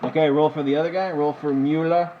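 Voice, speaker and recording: A man running a tabletop wargame, casual and excitable, counting dice out loud. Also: on the high side, fast talker, lo-fi sound, very noisy. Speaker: game master. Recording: echoey room with music behind.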